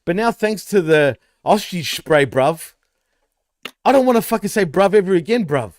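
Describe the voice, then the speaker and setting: A man's voice: high voice, animated, normal speed, dry recording, clean studio sound. A man co-hosting a casual wrestling podcast, swearing freely, teasing and laughing often. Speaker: podcast co-host.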